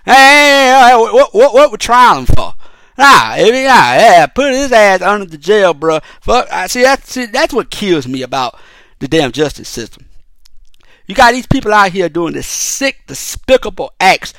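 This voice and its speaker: A man hosts a solo podcast in a raised, somewhat high voice, swearing freely and circling back over his own words. The sound is close and completely dry, with no room around it. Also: very animated, moderate pace, sharp tone, no echo. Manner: profane, heated and rambling, with frequent restarts. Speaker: podcast host. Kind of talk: casual solo podcast commentary.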